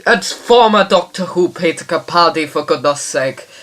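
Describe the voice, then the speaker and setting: A man's voice: fairly high pitch, animated, moderate pace, a bit bright. A man doing an impression of a fretful former TV star in a comedy phone call sketch, fussy and indignant. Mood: pleading. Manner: fussy, indignant, rambling complaints.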